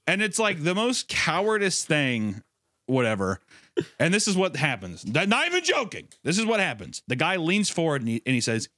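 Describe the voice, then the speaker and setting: Animated rambling male podcast host. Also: fairly high pitch, normal speed, dry recording, clean studio sound. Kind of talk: casual chat.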